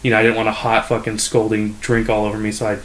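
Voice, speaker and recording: A young man co-hosting a comedy podcast, telling a rambling story full of "like" and acting out customers in a higher voice. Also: monotone, fast, fairly bright tone. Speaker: podcast co-host. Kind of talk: casual storytelling chat.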